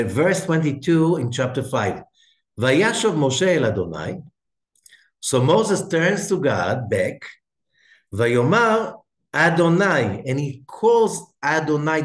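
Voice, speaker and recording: Animated rabbi teaching in an echoey room. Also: male voice, on the high side. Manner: reads Hebrew quickly, then explains in English with restarts; drops to a soft near-whisper for emphasis. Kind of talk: Torah lesson.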